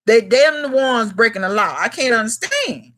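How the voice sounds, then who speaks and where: A woman's voice: fairly high pitch, lively intonation, normal speed, a bit bright. A woman in her thirties hosting a casual livestream chat, talking bluntly to her viewers in slangy, emphatic speech. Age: 30s. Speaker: gardening channel host.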